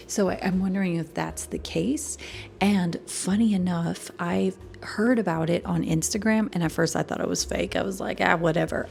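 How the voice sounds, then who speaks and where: A woman giving casual performing arts commentary at home, chatty and animated, often laughing and sometimes dropping to a whisper. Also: fairly low pitch, gravelly. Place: home room.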